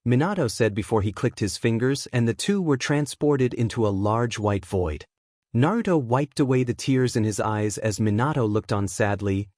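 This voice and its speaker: A man narrating a fan fiction story in a steady, expressive reading. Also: medium pitch, normal speed, dry recording, studio quality.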